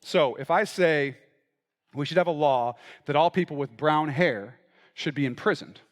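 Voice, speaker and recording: Pastor preaching in a reverberant hall. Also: male voice, on the high side, a little slow. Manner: conversational, checks in with "right?" and "okay?"; acts out both sides of an argument. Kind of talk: sermon. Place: church.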